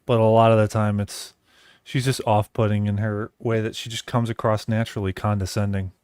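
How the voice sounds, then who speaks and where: A man's voice: lowish voice, little pitch movement, brisk, darkish tone, clean tone, no echo, clean studio sound. A man on a casual panel, critical and blunt, swearing freely.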